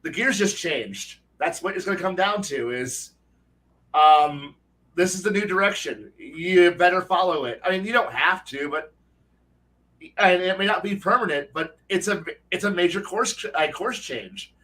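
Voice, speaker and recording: A man with a high-pitched, expressive, bright and pushed voice speaks at normal speed during a podcast recording for dungeon masters. He chats casually, rambling and swearing, and frequently starts his sentences over.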